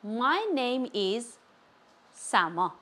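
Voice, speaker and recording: A woman giving a language lesson, saying each phrase slowly and repeating it with care. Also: on the high side, expressive, a bit bright. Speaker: language teacher. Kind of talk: slow, clear language lesson.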